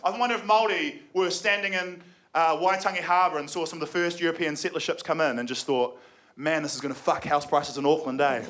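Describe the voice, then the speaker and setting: A young New Zealand man doing stand-up comedy live, sarcastic and excitable, now and then jumping into shouted mocking voices. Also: high-pitched. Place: comedy venue with live audience. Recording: live show with audible crowd. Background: audience laughter.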